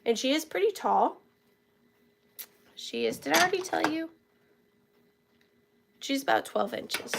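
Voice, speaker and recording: A woman hosts a live online sale from home, taking her time and thanking her viewers by name with affection. Her voice sits a little high and has a gravelly, fried edge, and she sounds a bit under the weather. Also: animated, unhurried, long pauses, very noisy. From southern United States. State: feeling unwell. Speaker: live-stream auction host. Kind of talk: casual live-stream selling chat. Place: home workspace.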